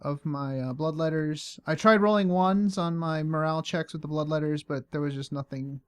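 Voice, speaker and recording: A man hosting a podcast, recapping a tabletop game in a relaxed, halting way. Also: a little high, clear, resonant tone. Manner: relaxed, halting, many fillers. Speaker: podcast host and player.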